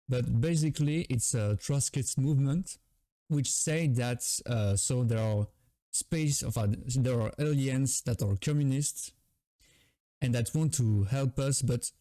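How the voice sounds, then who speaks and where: Mellow-voiced man, calm and matter-of-fact, for a casual podcast explainer. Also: mid-range voice. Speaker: podcast co-host. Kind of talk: casual group chat.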